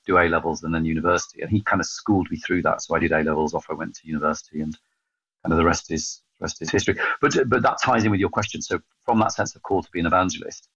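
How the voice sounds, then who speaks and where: English man, 50s, guest storyteller. Very low husky voice, rapid delivery, dry close sound. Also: dry recording. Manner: animated storyteller, quick and self-mocking. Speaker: podcast guest, evangelist. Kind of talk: storytelling in a casual interview. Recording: dull, slightly lo-fi sound.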